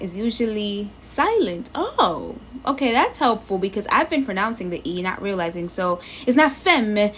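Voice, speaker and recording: A woman with a medium-pitched voice live-streams her language practice, with a faint hiss or hum in the audio. She chats casually, thinks aloud, and greets viewers in the chat while reading lesson text and sounding out words.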